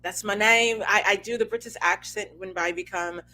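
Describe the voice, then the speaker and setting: A woman's voice: medium pitch, fairly even intonation, normal speed, sharp tone, soft background music. A woman in her thirties co-hosting a casual podcast, joking and laughing often as she talks. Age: 30s. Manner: laughs often, playful and self-mocking. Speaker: podcast co-host.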